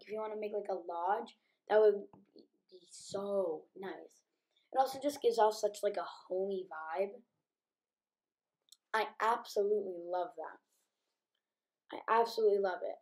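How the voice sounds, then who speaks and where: A woman's voice: mid-range voice, a little mellow. A woman talks through a building game as a casual YouTuber. She is chatty and loose, padding her sentences with um and like. She sounds a little sleepy, having just woken up. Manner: chatty, many ums and likes. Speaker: gaming YouTuber.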